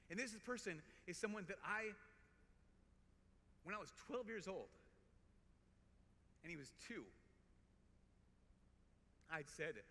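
A man with a Minnesota accent, a priest giving an earnest, conversational talk to a live audience, telling personal stories with quick restarts and repeated words. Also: sits high, animated, bright, forceful tone. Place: large conference hall. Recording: reverberant hall, faint background noise.

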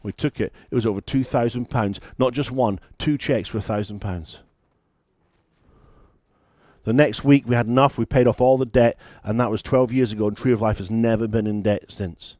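A man's voice: mid-range voice, normal speed, darkish tone, no room sound, studio quality. A British man, a church founder and pastor, preaching a sermon in a conversational, emphatic way with stories.

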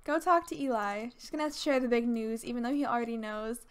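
A woman narrates her gameplay in a chatty, bubbly way, gushing and excitable as she talks to her viewers. Her voice sits high and light. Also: fairly quick, clear, resonant tone. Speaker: let's play host. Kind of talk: casual gameplay commentary.

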